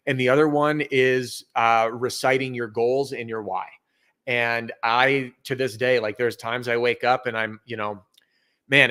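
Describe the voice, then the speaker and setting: A middle-aged man talking as a podcast guest, telling stories in an earnest, energetic way. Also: mid-range voice. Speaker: podcast guest, roofing sales trainer. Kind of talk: casual interview chat.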